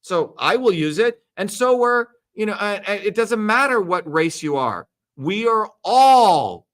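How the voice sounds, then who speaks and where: A man delivers a heated, profane livestream speech. His voice sits high and cuts with a forceful edge. He hammers his points through repetition. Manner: emphatic, repetitive, crude and profane. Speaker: political candidate speaking on a livestream.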